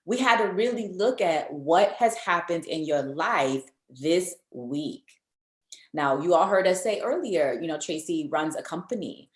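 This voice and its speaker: A woman nutrition coach hosting an interview, explaining her approach step by step in a measured way. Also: fairly low pitch. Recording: echoey room.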